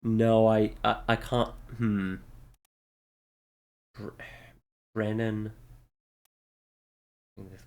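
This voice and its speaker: Low slow-talking male streamer, cursing. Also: little pitch movement. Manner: muttering, swearing, puzzling things out. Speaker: game streamer. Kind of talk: thinking aloud while playing.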